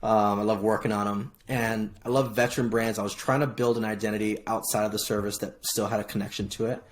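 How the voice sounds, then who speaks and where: A middle-aged man from Hawaii, a podcast guest telling his story in casual, lively chat, often restarting phrases. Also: lowish voice, fast talker. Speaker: podcast guest, military veteran.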